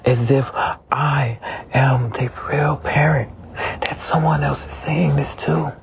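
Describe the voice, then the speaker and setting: A man's voice: on the high side, fairly even intonation, slow, vocal fry, a little hiss or hum. A spiritualist man in a raw, emotional monologue, tearful and repeating himself, swearing as he vents. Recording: dull lo-fi recording.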